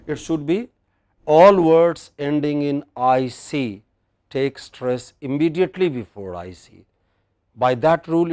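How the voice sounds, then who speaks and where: A man's voice: medium pitch, darkish tone, no echo, clean studio sound. Indian man teaching word stress. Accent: Indian English. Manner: drills word stress, quizzing students. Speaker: English pronunciation teacher. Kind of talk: classroom lecture.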